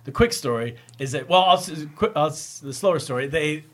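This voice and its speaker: A man, a guest comedian, telling stories in an animated, upbeat way in a casual podcast chat. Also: a little high. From United States. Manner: animated storytelling, quick and upbeat.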